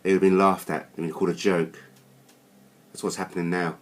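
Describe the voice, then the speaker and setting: A man delivering a furious, swearing rant as host of his own channel, dropping to low growls and then bursting out high. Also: little pitch movement, quick pace. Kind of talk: angry rant to camera.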